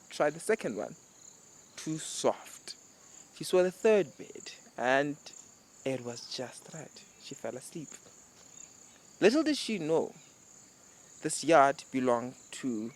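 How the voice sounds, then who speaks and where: A man hosting a daily show, telling a fairy tale casually and then reflecting on it, rambling and correcting himself. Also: fairly high pitch. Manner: relaxed, rambling, self-correcting. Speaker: host.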